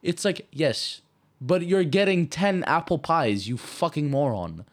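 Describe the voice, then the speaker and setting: A man's voice: a little high, very animated, a little slow. Blunt, swearing young man ranting. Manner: blunt, swears a lot, rants animatedly. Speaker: podcast co-host. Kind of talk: casual chat.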